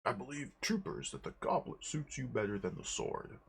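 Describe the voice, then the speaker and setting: A man's voice: medium pitch, sing-song, moderate pace, vocal fry, slightly rough, exaggerated voice. A man voicing a fierce, sarcastic barbarian warrior with a snarling edge. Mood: sardonic.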